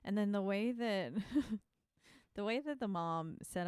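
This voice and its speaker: A woman's voice: mid-range voice, lively intonation, slow, a little mellow, smooth, no echo. A woman co-hosting a casual podcast, chatting and laughing often and reading trivia aloud. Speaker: podcast co-host. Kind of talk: casual chat.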